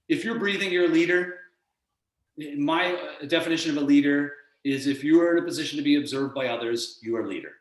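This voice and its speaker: A man with a fairly high voice delivers an energetic motivational coaching talk, slipping into other people's voices as he goes. He is heard over a video call from an echoey room. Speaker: performance coach and guest.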